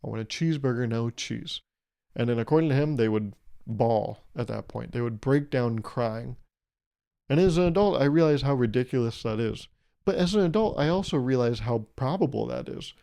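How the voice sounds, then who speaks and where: A man's voice: medium pitch, animated, normal speed, creaky, warm tone. A young man hosting his own podcast, rambling through a solo comedic monologue in a sarcastic, mock-serious way and laughing at his own jokes. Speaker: podcast host.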